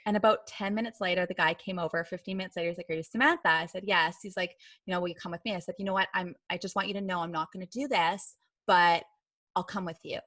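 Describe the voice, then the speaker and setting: A woman's voice: lowish voice, fairly even intonation, fast talker, a bit bright, no echo. A woman guest on a podcast, telling a personal story in a chatty way, full of filler words. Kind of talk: storytelling in a casual interview.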